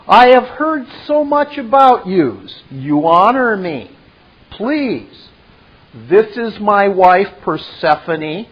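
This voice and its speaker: A man's voice: sits high, muffled recording, voice pushed up, heavily acted. A man voicing a self-assured, pompous, sophisticated male program, with grand and theatrical delivery. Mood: grandiose.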